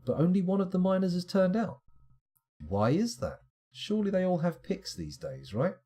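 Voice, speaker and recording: A man's voice: medium pitch, dark tone, slightly rough. A man streaming a game live, thinking aloud in a chatty, self-mocking way. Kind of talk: live gameplay commentary.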